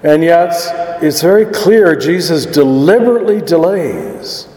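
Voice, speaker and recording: A man, a priest, reading the gospel and preaching a homily in a measured, deliberate way. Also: a little high, animated, darkish tone. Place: church. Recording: long church reverb.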